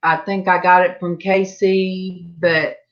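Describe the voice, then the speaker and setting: A woman's voice: lowish voice, level tone, slow. A woman on a panel chat over a video call, rambling casually. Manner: rambling, meandering. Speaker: panel guest. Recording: dull lo-fi webcam audio.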